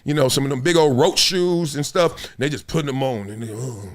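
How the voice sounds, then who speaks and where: A male host talks through sports stories in a lively, bouncing voice that swings widely in pitch. He is profane and animated and keeps acting out scenes as he riffs. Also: a little fast. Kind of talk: casual commentary show.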